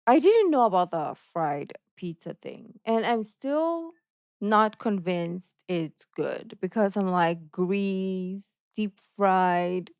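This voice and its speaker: A woman's voice: mid-range voice, animated, slow, a little mellow, clean tone, no echo, clean studio sound. A woman from the Philippines hosting a reaction channel, musing aloud in a playful, casual way and talking herself in circles.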